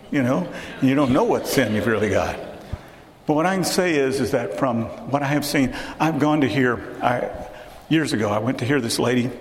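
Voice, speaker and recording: A man's voice: mid-range voice, echoey room, big-room sound. A pastor preaching a sermon, emphatic and conversational, often restarting his sentences. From Houston, Texas.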